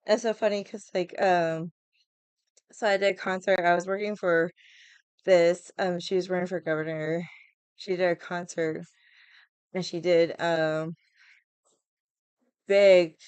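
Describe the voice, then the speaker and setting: A woman vlogger telling stories in a casual, animated way, swearing often and acting out other people's lines. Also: on the low side, slow, pauses often, clear, resonant tone, dry recording. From Hawaii. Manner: animated, profane, laughs often, acts out quotes. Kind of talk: casual storytelling chat.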